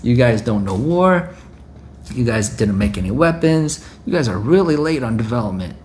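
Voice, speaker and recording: A preacher voicing a mocking male enemy soldier who gloats over an unprepared town in a high, sneering tone. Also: animated, moderate pace, darkish tone, slight background noise, lightly acted. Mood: gloating.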